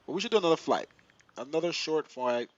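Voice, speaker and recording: A young man live-streaming a flight simulator, chatting excitedly to his viewers and laughing often. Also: a little high, fast talker, dull audio. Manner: excitable, laughing, talks to chat.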